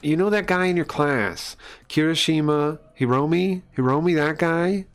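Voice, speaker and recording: A man's voice: on the high side, moderate pace, soft background music, pitched above the performer's own voice, close to an everyday voice. A man voicing a hotheaded teenage male delinquent who talks in brash, threatening outbursts. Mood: excited.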